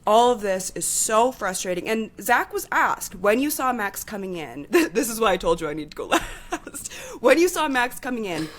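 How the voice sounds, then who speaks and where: A woman's voice: fairly high pitch, big pitch swings, normal speed. A woman co-hosting a podcast in casual chat, talking with heated, impassioned energy and swearing freely. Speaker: podcast co-host.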